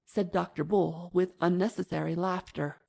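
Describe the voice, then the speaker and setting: A woman narrating an audiobook in an even, measured manner. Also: on the low side, gravelly, a little hiss or hum.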